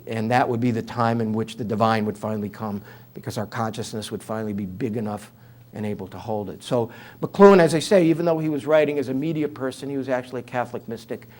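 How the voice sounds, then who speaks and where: Older new york guy telling funny stories in an interview, lots of uhs, mid-pitch voice. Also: fast, darkish tone. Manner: humorous storyteller, conversational with fillers. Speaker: author and guest speaker. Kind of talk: interview talk, anecdotal.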